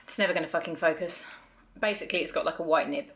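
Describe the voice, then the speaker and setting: A woman's voice: low-pitched, fast talker, a bit bright. A young woman reviewing makeup and perfume in a casual vlog, chatty and blunt, swearing freely and poking fun at herself. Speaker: beauty vlogger.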